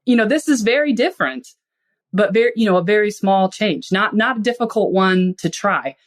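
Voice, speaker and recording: A woman's voice: medium pitch, animated, moderate pace. A woman speaking as a podcast guest, explaining ideas in a casual, conversational way and acting out small everyday examples. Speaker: podcast guest, finance and psychology expert.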